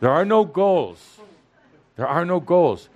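A man's voice: on the high side, sing-song, takes it slowly, highs cut off. Man giving a teasing spiritual talk. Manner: playful, provoking, repeats for emphasis. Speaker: spiritual teacher addressing an audience.

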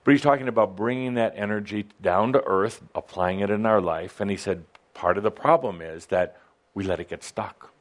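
A man co-hosting a casual spiritual discussion, talking in a relaxed, halting way with many restarts. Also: lowish voice. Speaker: co-host discussing channelled teachings.

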